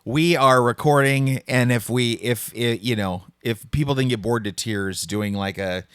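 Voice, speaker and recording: A man co-hosting a podcast in casual chat, animated and joking, often slipping into impressions. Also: medium pitch, a little slow, clear, resonant tone, no echo, clean studio sound. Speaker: podcast co-host.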